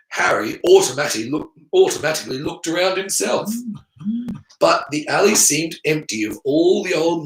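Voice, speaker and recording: A man reading an audiobook aloud in an expressive, animated way. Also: on the high side, echoey room, poor audio. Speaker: audiobook reader. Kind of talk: audiobook narration.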